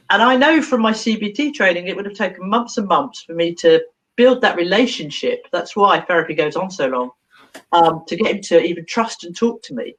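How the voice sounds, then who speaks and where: Lively woman telling a story. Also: on the low side, normal speed, low-quality recording. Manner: expressive, acts out dialogue, laughs often. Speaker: therapist. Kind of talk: animated storytelling in an online interview.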